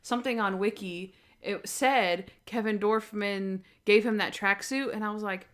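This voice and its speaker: A woman co-hosting a podcast, chatting casually and retelling scenes in animated bursts. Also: medium pitch, a little slow. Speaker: podcast co-host. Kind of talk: casual chat.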